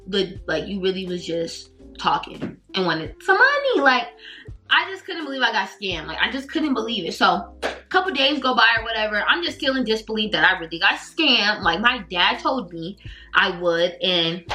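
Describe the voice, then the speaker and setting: Bright, animated young woman vlogger. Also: on the high side, moderate pace, faint music behind, low-quality recording. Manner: animated, slangy, heavy use of "like". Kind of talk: casual storytime. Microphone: camera mic.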